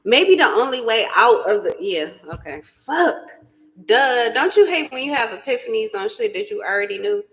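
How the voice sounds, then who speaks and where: A woman with a voice a little on the high side, chatting loosely through a spiritual reading. She is blunt and profane and keeps breaking into giggles. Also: very animated, moderate pace, fairly bright tone, rough recording. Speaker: spiritual reader. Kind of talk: casual tarot reading chat.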